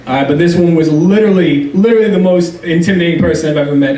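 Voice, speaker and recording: A man's voice: a little high, quick pace, warm tone. Young guy doing standup, rambly and self-deprecating, echoey club, mic sounds far off. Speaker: stand-up comedian. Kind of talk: stand-up comedy set. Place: comedy club stage. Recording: roomy club, distant mic.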